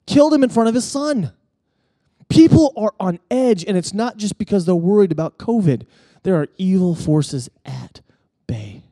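A male pastor preaching a sermon in a conversational, animated way, often restarting his phrases and building intensity as he tells stories. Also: high-pitched, no room sound, clean studio sound. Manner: conversational with frequent restarts and stammers; animated storytelling, rising intensity at key points.

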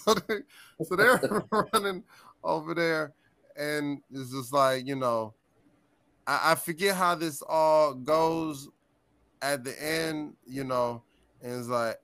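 A man guest on a podcast, telling tour stories in a casual, animated and profane way, laughing often. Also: fairly high pitch, slow pace, dry recording. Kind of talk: casual storytelling chat.

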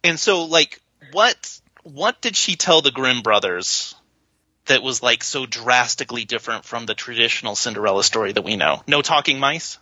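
A man's voice: medium pitch, normal speed, no room sound. A man hosting a podcast, chatting casually and jokingly about a movie. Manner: animated, joking, trails off and restarts. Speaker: podcast host. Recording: slightly dull lo-fi sound.

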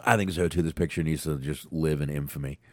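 A man co-hosting a casual wrestling podcast, talking profanely and excitably while he has a sinus cold. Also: a bass voice, quick pace, dry recording, clean studio sound. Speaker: podcast co-host.

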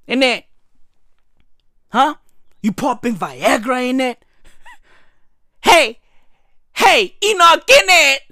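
A very high-pitched woman rants in a crude, exaggerated comic style, breaking into shouts. Her delivery is slow and drawn out, and her tone is bright and sharp. The sound is close and dry. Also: big pitch swings, dry recording. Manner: loud, exaggerated, crude ranting with frequent shouts. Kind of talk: comic rant.

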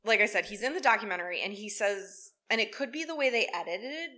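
A woman's voice: mid-range voice, lively intonation, fast talker, sharp tone. A woman co-hosting a true-crime podcast, telling the story in a casual, wry and profane way. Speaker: podcast co-host.

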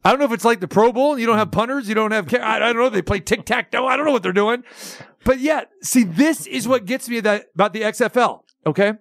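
A man's voice: very high-pitched, fast, few pauses, a bit bright, no echo, clean studio sound. A man hosting a sports radio show, ranting with sarcastic asides. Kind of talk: casual sports talk radio rant.

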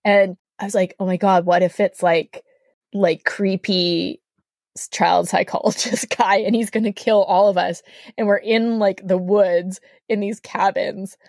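A woman from Canada, a podcast guest, telling a story in a casual, animated way, acting out the voices she quotes and saying "like" a lot. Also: mid-range voice, measured pace, creaky, no echo, clean studio sound. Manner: animated, acts out quoted voices, heavy use of "like".

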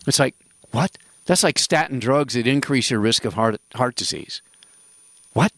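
Gravelly man hosting a radio health show. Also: medium pitch, lively intonation, moderate pace, fairly bright tone. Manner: rambling, jokey, emphatic asides. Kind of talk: casual radio talk.

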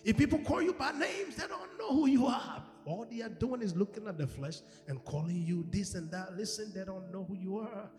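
A male pastor preaching a sermon, animated, acting out quoted voices and swinging from shouts to hushed tones. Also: high voice, moderate pace, hardly any pauses. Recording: echoey hall with music behind.

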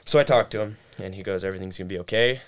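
Young male guest, slightly low voice, relaxed storytelling with lots of filler words. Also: racing. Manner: laid-back storytelling, heavy on "like" and "dude". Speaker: guest telling his story. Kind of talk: casual chat.

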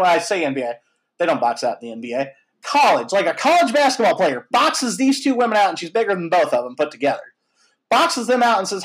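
A man in his thirties hosting a casual chat, telling a story in a lively, animated way with lots of fillers and some swearing. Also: sits high, poor audio. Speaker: podcast host.

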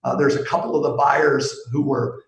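Middle-aged man, gravelly voice, anecdotal, echoey room. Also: fairly high pitch, steady tone, normal speed, lo-fi sound, slight background noise. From Pittsburgh, USA. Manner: warm anecdotal, chuckles, trails off with fillers. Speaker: interview guest, sales executive. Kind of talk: casual storytelling.

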